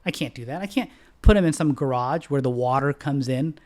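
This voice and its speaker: A middle-aged man, a bank founder, talking on a podcast in casual, animated storytelling style. He clears his throat often and jumps into sharp, high-pitched outbursts when acting out quotes. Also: fairly quick.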